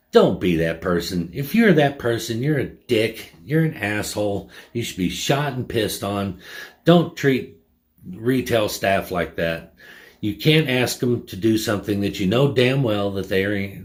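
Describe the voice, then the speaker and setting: A man vlogging a casual story and rant about a rude customer at his gas station job, blunt and profane. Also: fairly low pitch.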